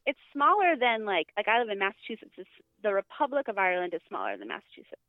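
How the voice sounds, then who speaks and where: A woman's voice: mid-range voice, wildly swooping pitch, quick pace, no room sound. A woman guest chatting casually on a podcast, talking in loose bursts with many fillers and restarts. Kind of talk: casual chat. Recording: tinny phone-line audio.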